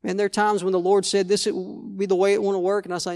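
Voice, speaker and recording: A man's voice: high voice, flat delivery, quick pace, a little mellow. A male pastor preaching a sermon, conversational, restarting phrases and asking the congregation "Amen?".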